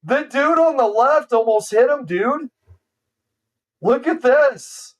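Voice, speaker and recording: A man streaming a casual movie reaction, excitable and saying "dude" constantly. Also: very high-pitched, slow, distant mic, slight background noise, low-quality recording.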